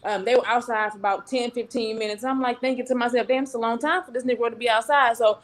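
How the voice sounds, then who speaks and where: A woman telling a story about a bad date, lively and casual. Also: fairly high pitch, fast talker. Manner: animated storytelling with acted quotes. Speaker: panel guest.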